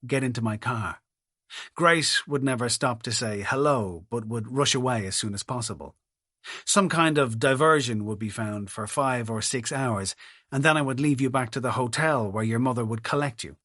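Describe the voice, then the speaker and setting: A man's voice: mid-range voice, moderate pace, fairly bright tone, no room sound. A middle-aged man narrating an audiobook in the first person, with wry, dry humour.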